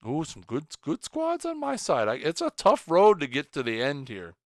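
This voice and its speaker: A man's voice: fairly high pitch, huge pitch swings, normal speed, no room sound, studio quality. A man hosting a game livestream, chatting casually and joking playfully with his viewers. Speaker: stream host.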